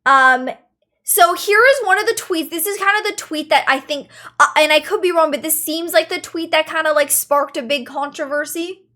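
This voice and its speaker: Woman streamer, high voice, casual chatty commentary, repeats herself for emphasis. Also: moderate pace, pushed and bright. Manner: chatty, repeats phrases for emphasis, addresses chat.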